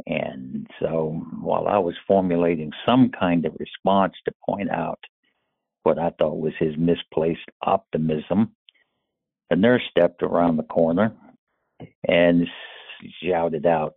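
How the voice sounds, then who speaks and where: An older man from North Carolina tells his story slowly and carefully in a low, husky, gravelly voice. The sound is tinny and phone-like. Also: steady tone, dry recording. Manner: slow, measured storytelling. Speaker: caller sharing a personal story. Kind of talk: recorded personal story. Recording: tinny phone-line recording.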